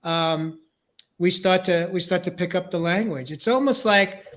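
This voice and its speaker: A man's voice: high-pitched, a little slow, a bit bright. A man from New York with a New York accent, hosting a casual discussion and repeating words as he builds each point. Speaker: host.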